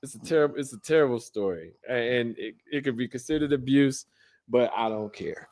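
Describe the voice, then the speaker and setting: A man's voice: medium pitch, a little mellow. A man co-hosting a casual podcast, telling stories with lots of laughter and restarts. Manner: laughing, halting storyteller with many restarts. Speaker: podcast co-host.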